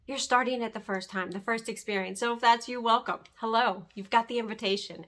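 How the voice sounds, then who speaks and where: A woman's voice: a little high, fairly even intonation, a little fast, few pauses, fairly bright tone. A middle-aged woman earnestly talking about her faith and fear, often checking in with "right?". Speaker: host. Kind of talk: faith-centered personal testimony.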